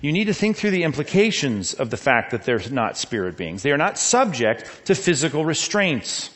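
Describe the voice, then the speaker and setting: Middle-aged male pastor, lively sermon delivery, slightly higher voice, asks the crowd questions. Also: normal speed. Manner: animated preaching, rhetorical questions.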